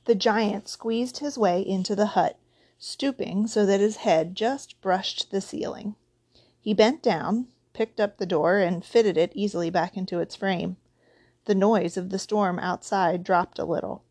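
A woman narrates a storybook aloud, steady and expressive, at a mid-range pitch for her voice. The recording is dry and close, with no room sound. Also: a little slow, dry recording. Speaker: audiobook reader.

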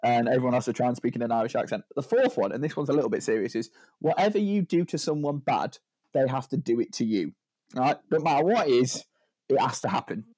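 Man, casual podcast chat, jokey, rambling, slightly husky, dry close sound. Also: medium pitch, sing-song, quick pace, darkish tone, no echo. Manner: rambling, jokey, stacks up "right?" tags. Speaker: podcast co-host.

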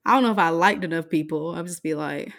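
A woman in casual chat, brash and animated, often breaking into laughter. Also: lowish voice, fast.

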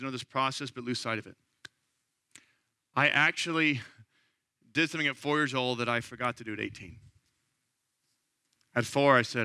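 Bright-voiced man preaching earnestly. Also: medium pitch, dry recording, studio quality. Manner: earnest, conversational preaching that rises to impassioned. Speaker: pastor. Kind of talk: sermon.

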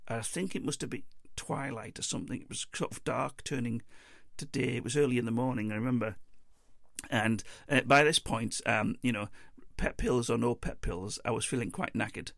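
A man's voice: mid-range voice, moderate pace, gravelly, fairly bright tone, dry recording, studio quality. A man telling a travel story in a casual, meandering monologue, chuckling and interrupting himself as he goes.

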